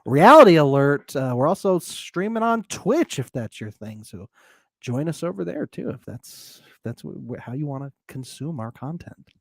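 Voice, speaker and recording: A man's voice: mid-range voice, lively intonation, normal speed, creaky, a little mellow, breathy edge, no echo, clean studio sound. A man co-hosting a live TV recap podcast, chatting casually, laughing often and plugging the show. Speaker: podcast co-host.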